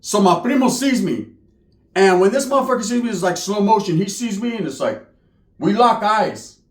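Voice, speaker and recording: A man tells a comedy story in streetwise slang, animated and profane. His voice is pitched high for a man, and it rings in a roomy echo. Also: moderate pace. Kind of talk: comic storytelling.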